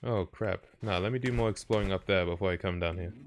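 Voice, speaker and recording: Young male streamer, laid-back casual commentary, lower voice, noticeable background hiss. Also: fast talker. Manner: relaxed, chatty, reacting to chat and the game. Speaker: game streamer. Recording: noisy stream audio with clicks.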